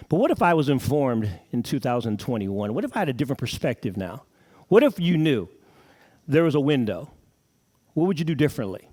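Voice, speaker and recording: At a sales event, a middle-aged motivational speaker addresses a live audience in an event room, firing questions to pump up the crowd. His voice is mid-range with a dark tone, swinging widely in pitch, and he talks briskly.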